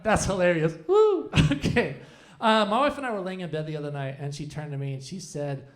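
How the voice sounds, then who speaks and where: A man's voice: fairly high pitch, fast. A man in his forties doing a stand-up comedy set on a club stage, rambling and self-deprecating with lots of restarts.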